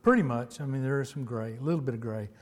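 A man's voice: mid-range voice, fast, in a large hall. A man from Texas, preaching a sermon with emphatic repetition and storytelling.

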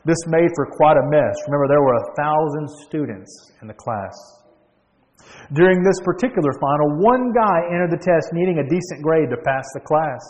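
A man preaches a storytelling sermon in a voice pitched a little high, stressing points and restarting phrases as he goes. His voice carries a long reverb, as if in a large hall. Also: dull audio. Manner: storytelling, with emphatic repeats and restarts.

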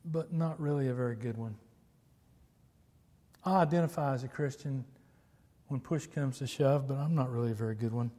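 Preacher in a reverberant hall. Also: male voice, medium pitch, normal speed, long pauses, dark tone. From Texas. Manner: emphatic, repetitive preaching with storytelling. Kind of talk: sermon.

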